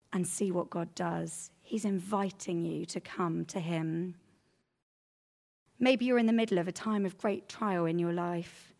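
Woman, preacher, sermon, earnest, conversational, animated with everyday examples. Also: mid-range voice.

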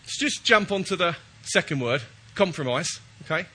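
A man's voice: on the high side, expressive, normal speed, sharp tone, breathy edge. A man preaching a chatty, jokey sermon while he has a cold, often checking in with his listeners.

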